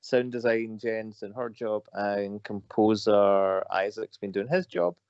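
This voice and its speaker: A man's voice: on the low side, unhurried, gravelly, a little mellow, smooth, no echo. A man co-hosts a live stream in casual chat, teasing his friend and laughing often. He comes through a dull, lo-fi video call, and the sound is dry. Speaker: co-host.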